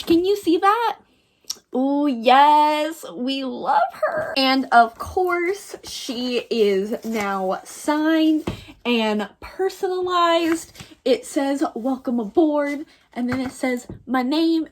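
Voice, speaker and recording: A woman book vlogger talking casually to camera at home, gushing with enthusiasm. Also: sits high. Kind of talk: casual vlog talk to camera.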